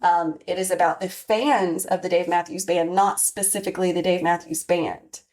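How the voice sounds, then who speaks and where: A woman's voice: on the low side, fairly even intonation, normal speed, darkish tone. A woman in her forties hosting a podcast, talking candidly and reflectively with many fillers and restarts. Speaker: podcast host. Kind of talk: personal monologue.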